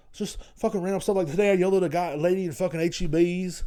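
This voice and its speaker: A man's voice: sits high, steady tone, rapid-fire, few pauses, warm tone. A man hosting a podcast in a rambling, profane, crudely joking solo monologue. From Texas. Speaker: podcast host. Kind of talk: casual comedic podcast monologue.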